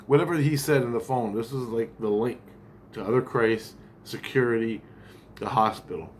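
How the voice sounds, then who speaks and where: A man's voice: medium pitch, moderate pace, slight background noise. A man telling a long account of a dream in a rambling, profane way, with many restarts and asides. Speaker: vlogger.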